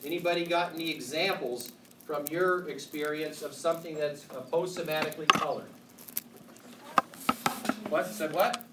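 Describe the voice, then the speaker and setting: A man's voice: fairly high pitch, normal speed, long pauses. Joking male professor in echoey hall. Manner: joking, asks the class questions. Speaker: university biology professor. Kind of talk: classroom lecture. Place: university lecture hall. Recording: echoey hall from far off, noisy.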